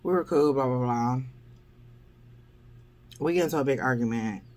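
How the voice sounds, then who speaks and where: A woman's voice: rumbling low, moderate pace, darkish tone. A woman vlogger telling dating stories in a wry, blunt, exasperated way. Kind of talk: casual storytelling vlog.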